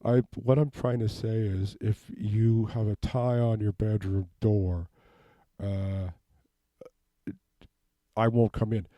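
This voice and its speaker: A man rambling through an improvised comedic monologue in a deadpan way, asking "okay?" over and over. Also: on the low side, takes it slowly, dry recording, muffled recording. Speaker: comedic self-tape performer. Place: home basement.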